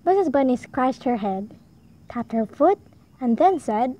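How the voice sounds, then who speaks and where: A woman reads a rhyming picture book aloud for small children. Her voice sits high, and she takes her time over each line. The rhymes come out in a gentle, sing-song read-aloud manner. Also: lively intonation, a little slow, no echo. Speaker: storybook reader. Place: home.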